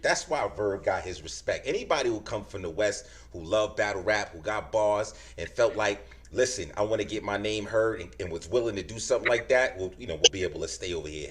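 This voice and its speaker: Rambling New man, lively pitch. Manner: rambling, full of restarts and fillers. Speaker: podcast host. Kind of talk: casual chat. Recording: noisy background hiss.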